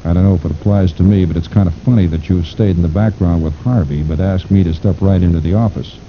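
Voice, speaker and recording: A man voicing a gruff, self-assured, powerfully built man who talks in an amused, folksy drawl. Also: fast. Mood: cocky. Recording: dull lo-fi recording with rumble.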